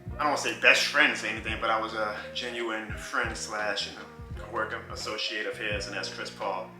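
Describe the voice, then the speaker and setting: A man in his thirties telling a personal story in a casual vlog, animated and often laughing. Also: mid-range voice. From New Orleans. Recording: roomy with faint music.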